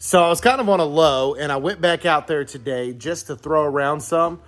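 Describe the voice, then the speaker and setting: Guy fishing vlog outside at a pond, kinda high voice, gets excited easy, faint music behind. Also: moderate pace, dry recording. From southeastern Virginia, US. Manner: excitable, exclaims repeatedly. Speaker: fishing vlogger. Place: outdoors at a pond.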